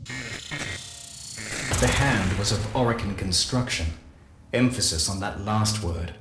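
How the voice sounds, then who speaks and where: Man playing a low-voiced confessional scientist, very slow and measured, game audio journal, echoey, faint music. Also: natural voice. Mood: solemn. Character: solemn male scientist recounting guilty secrets. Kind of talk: scripted game narration.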